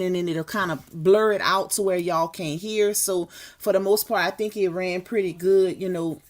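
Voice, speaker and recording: A woman hosting a livestream, signing off in a casual, chatty way, often repeating words as she thanks guests and viewers. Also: medium pitch. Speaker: livestream host.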